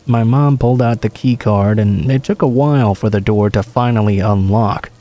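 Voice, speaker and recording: A man reading a true horror story aloud in calm, measured scripted narration. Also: on the low side.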